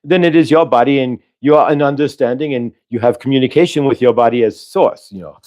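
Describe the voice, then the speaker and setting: Man as a spiritual channeler, earnest, coaching tone, mid-pitched, asks rhetorical questions. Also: fast talker, darkish tone. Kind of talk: live channeling talk.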